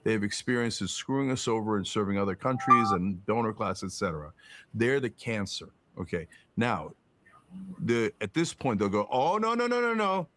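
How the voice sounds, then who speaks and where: A man's voice: fairly low pitch, normal speed, fairly bright tone, slight background noise. A man giving heated, profane political commentary as a podcast guest, firing off rhetorical questions. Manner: emphatic, profane, rhetorical questions, mocking put-on quotes.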